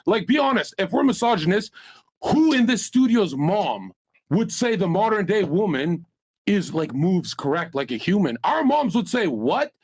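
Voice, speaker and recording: A man on a streamed panel telling a long crude story, loud and profane, laughing as he goes. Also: high-pitched, big pitch swings, moderate pace, breathy edge. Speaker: panel guest.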